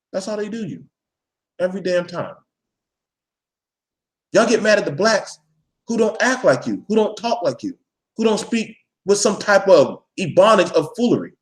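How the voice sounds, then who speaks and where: A man talking straight to his viewers in a blunt, profane, preachy rant, calling out his audience and pressing his point hard. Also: high-pitched. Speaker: vlogger addressing his viewers. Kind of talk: live ranting monologue.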